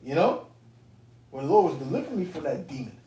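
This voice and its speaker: A man casually telling a personal testimony to fellow believers, animated and profane, with streetwise phrasing. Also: a little high, quick pace. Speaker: elder speaking to fellow believers. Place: indoor camp meeting room. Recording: roomy, distant mic, faint room noise.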